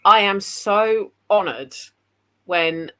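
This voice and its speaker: An English woman, a paranormal investigator, telling animated stories in casual conversation over a video call. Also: mid-range voice, extremely slow, clean tone. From England. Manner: chatty, animated anecdotes. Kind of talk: casual storytelling.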